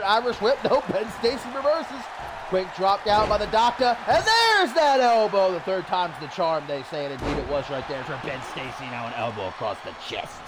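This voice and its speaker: A man calling a wrestling match play by play, getting excited and shouting at the big moments. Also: high-pitched. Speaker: wrestling commentator. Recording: loud crowd and noise behind. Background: cheering crowd.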